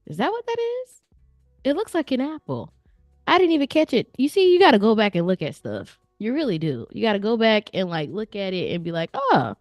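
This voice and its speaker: A woman's voice: mid-range voice, a little mellow, no room sound, studio quality. A woman hosting a live stream, chatting casually and playfully with her viewers in a slangy, direct way. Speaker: livestream host reviewing viewer artwork. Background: faint background music.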